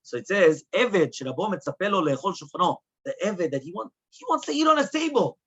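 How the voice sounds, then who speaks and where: Animated rabbi giving a Talmud class. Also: male voice, sits high, quick pace, slightly rough, dull audio. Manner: animated, rhetorical questions, mixes Hebrew and English. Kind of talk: Talmud lecture.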